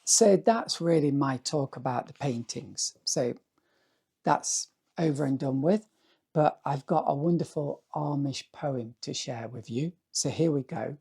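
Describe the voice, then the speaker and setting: Male artist vlogger, hoarse and rambling; mellow, gravelly tone, unhurried. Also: medium pitch. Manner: rambling, musing, often asks "yeah?". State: hoarse, voice going dry. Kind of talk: casual talk to camera.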